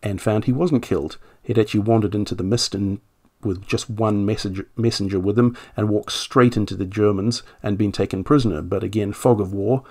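A man's voice: on the low side, vocal fry, a little mellow. A man who researches family history, explaining what he found in a casual, conversational way, with asides and self-corrections.

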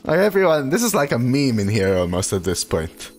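A man's voice: medium pitch, very animated, brisk, soft background music. A man streaming a card game, chatting casually and reading viewer messages aloud between plays. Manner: casual, chatty, reads chat aloud and answers it.

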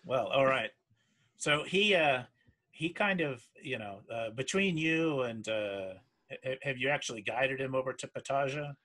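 A man's voice: medium pitch, animated, a little slow, sharp tone. A man acting as game master of a tabletop game, narrating hesitantly with frequent restarts. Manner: hesitant, full of fillers and restarts.

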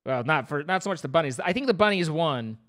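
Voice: medium pitch, expressive, fast. A young adult streamer giving playful, rambling live commentary over a game, breaking into squeals of mock panic.

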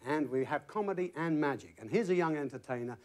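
A man's voice: on the high side, lively intonation, fast. A British man hosting a game show, chatty and teasing with contestants. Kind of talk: quick-witted game show banter. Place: TV studio with live audience. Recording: audience noise in a studio.

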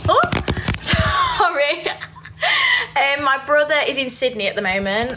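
A woman's voice: high-pitched, moderate pace, noisy background. A young woman with a Yorkshire accent, chatting casually on a livestream, reading viewer comments and giggling often. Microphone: phone.

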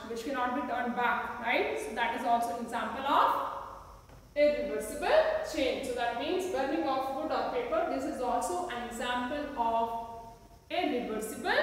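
Slow echoey teacher with an Indian English accent. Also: female voice, high voice, a bit bright. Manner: slow, patient, asks the class many rhetorical questions. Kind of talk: classroom science lesson with demonstrations. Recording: echoey room, recorded from a distance.

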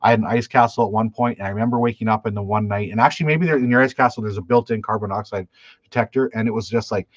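A man's voice: lowish voice, very fast, no echo. Canadian man, fishing-channel host, casual live chat, dry dull stream audio. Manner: rambling storytelling with restarts, answers chat questions. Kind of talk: live stream chat, reading viewer comments.

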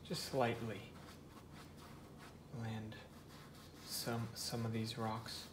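A man teaching a step-by-step painting tutorial, talking softly and half-whispering as he works. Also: fairly low pitch, monotone, drawn-out words, reverberant, background noise. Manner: soft, half-whispered guidance while painting. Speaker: painting instructor.

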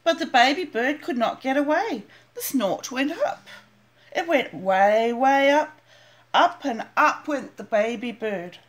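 An older woman reading a children's storybook aloud, slowly and gently. Her voice sits high and rises and falls expressively on every line. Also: animated.

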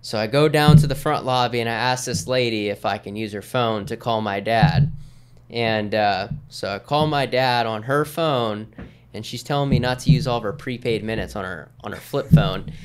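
A man's voice: medium pitch, normal speed, clean tone. A man in his thirties, a podcast guest, telling stories in an easygoing, rambling way with lots of fillers. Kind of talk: casual storytelling in conversation.

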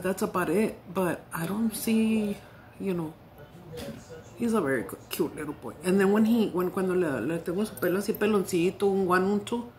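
Middle-aged woman vlogger, slightly low voice, swears and giggles through casual stories. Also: a little mellow. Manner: salty, profane, giggly storytelling. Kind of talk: casual chat while eating.

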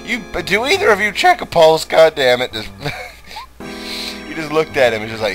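A young man giving loud, profane let's play commentary with frequent laughing outbursts. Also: a little high, huge pitch swings, normal speed, pauses often, music in the background. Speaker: let's player.

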